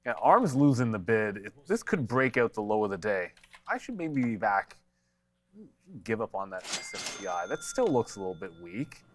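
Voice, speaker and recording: A man's voice: fairly low pitch, sing-song, moderate pace, slight background noise. Blunt man doing live trading talk. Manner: blunt, conversational, answers chat questions. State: congested from allergies. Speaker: stock market show co-host.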